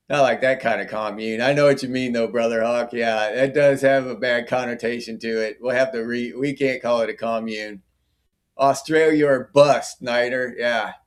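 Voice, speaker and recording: A middle-aged man hosting a casual livestream, chatting and answering viewer comments by name. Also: medium pitch. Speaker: livestream host.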